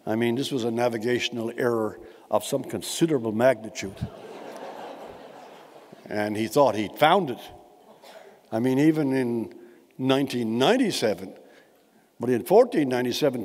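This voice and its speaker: A man's voice: medium pitch, a little mellow. Witty older man, echoey hall. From Newfoundland, Canada. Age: 70s. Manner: witty, wordy storyteller with dry, elaborate phrasing. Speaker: keynote speaker. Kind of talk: humorous keynote speech. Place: large indoor conference hall. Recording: echoey hall, long reverb.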